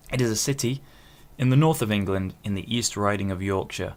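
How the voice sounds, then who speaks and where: A podcast host in his twenties speaks at a moderate pace with a low, darkish voice. He delivers a rambling monologue alone, interrupting himself and swearing casually along the way.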